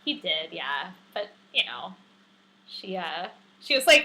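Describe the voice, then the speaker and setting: A woman's voice: fairly low pitch, big pitch swings, takes it slowly, pushed and bright, low-quality recording. A woman co-hosting a podcast, chatting casually and animatedly with lots of fillers and laughs. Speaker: podcast co-host. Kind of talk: casual recap chat.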